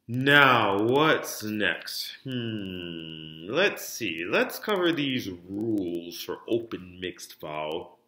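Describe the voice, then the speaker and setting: A man teaching French diction in an online lesson, speaking each word clearly for students to repeat and stressing word endings. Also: on the low side, lively intonation, takes it slowly, sharp tone, roomy sound. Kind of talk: online lesson, modeling words for repetition.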